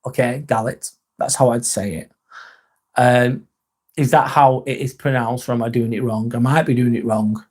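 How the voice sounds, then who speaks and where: A young English man chatting live to his viewers, halting and sincere, often trailing off and starting over. His voice sits at an ordinary middle pitch, and his talk is loose and unscripted. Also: fairly even intonation, a little mellow. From England. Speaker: livestream host. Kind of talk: casual live-stream chat, reading comments.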